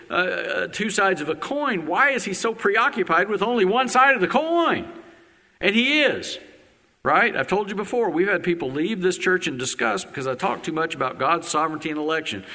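A man preaches a sermon in a fairly high voice with a bright, forceful edge, swinging between loud exclamations and quiet, low asides. Each phrase trails off into the long reverb of a large church sanctuary.

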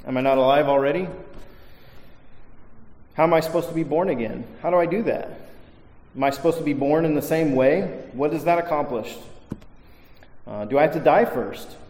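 A preacher acting out a baffled old questioner. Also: male voice, fairly high pitch, darkish tone, lightly acted. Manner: rapid incredulous questions. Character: baffled older man questioning, a bit sarcastic. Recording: echoey hall reverb.

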